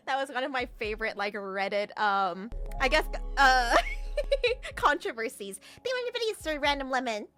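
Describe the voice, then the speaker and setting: A young adult woman streamer chatting casually with viewers, teasing and often breaking into loud laughter. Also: sits high, big pitch swings, moderate pace, faint music behind. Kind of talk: casual livestream chat.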